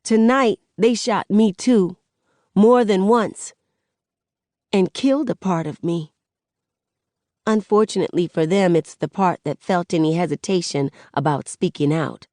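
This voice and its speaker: Woman reading an audiobook, slow and lively, lowish voice, totally dry sound. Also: no room sound. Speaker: audiobook narrator. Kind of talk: first-person audiobook narration.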